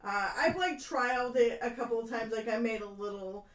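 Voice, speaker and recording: A woman co-hosts a casual podcast chat, chatty, full of fillers and laughing often. Her voice is on the high side at normal speed, picked up by a distant mic in a roomy space.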